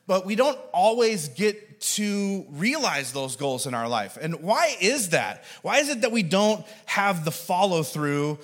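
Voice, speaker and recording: Lively, joking man preaching. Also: high voice, measured pace, hardly any pauses. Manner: conversational, joking preaching with filler words. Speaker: pastor. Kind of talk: sermon.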